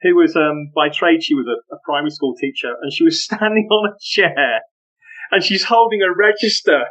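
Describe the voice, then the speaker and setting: Animated storytelling man, muffled audio. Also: fairly high pitch, moderate pace. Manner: animated, laughing, full of anecdotes. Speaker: podcast guest. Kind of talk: casual storytelling interview.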